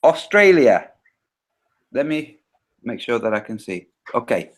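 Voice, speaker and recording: A man's voice: mid-range voice, very animated, unhurried. A man presenting on a live video call, explaining step by step and often correcting himself. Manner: patient step-by-step explaining with frequent self-corrections.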